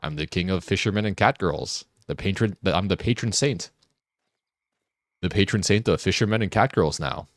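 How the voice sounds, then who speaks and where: A man streaming a game, chatting casually, joking and laughing often, and getting excited as he rambles. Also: low voice, normal speed, no room sound, clean studio sound. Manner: gets excited and rambling when riffing. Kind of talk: casual live-stream chat while gaming.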